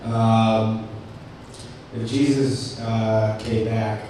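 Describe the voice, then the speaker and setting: A man's voice: lowish voice, flat delivery, extremely slow, mellow. Guy doing stand-up at an open mic, rambling and self-deprecating, lots of ums, very echoey cafe, mic far off. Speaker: stand-up comic. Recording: very echoey room, distant mic, faint noise.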